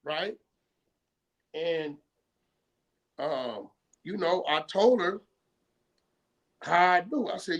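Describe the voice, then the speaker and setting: A man's voice: high voice, lively intonation, drawn-out words, long pauses, a bit bright. A man from California retelling a story in casual streetwise slang, often checking in with "right?" and acting out both sides of old phone calls. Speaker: guest.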